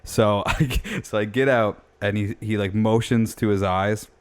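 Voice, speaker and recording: A man's voice: lowish voice, moderate pace, smooth. A young man casually telling a story on a podcast, acting out both sides of the talk and swearing freely. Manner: animated storyteller, swears a lot, acts out quotes. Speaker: podcast co-host.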